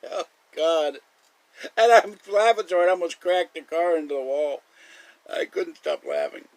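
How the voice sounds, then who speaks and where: A man's voice: fairly high pitch, expressive, moderate pace, dry recording, poor audio. A man hosting a live stream, rambling through casual stories and chuckling often. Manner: chatty storyteller, chuckles often.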